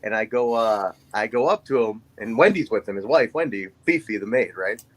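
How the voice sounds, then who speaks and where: In a casual podcast chat, a man in his forties who co-hosts the show tells a story and animatedly acts out the voices of the people in it. His voice is fairly low and his pace fairly quick, and the audio quality is poor.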